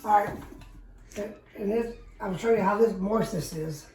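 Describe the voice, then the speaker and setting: A middle-aged woman hosts a backyard barbecue cooking video, demonstrating casually in a folksy, chatty way and repeating her words. Her voice is mid-range and darkish at a moderate pace. A distant camera mic makes it sound roomy, with faint background noise.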